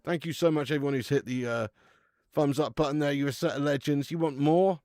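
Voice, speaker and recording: A man's voice: on the high side, steady tone, a little fast, darkish tone, no room sound, clean studio sound. A man hosting a live football watch-along stream, chatting casually with viewers, laughing often and swearing freely.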